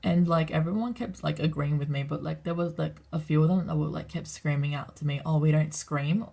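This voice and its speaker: A woman's voice: sits low, brisk, vocal fry, dark tone. A young woman telling a story in a casual vlog, rambling and swearing a lot as she acts out what people said. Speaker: vlogger.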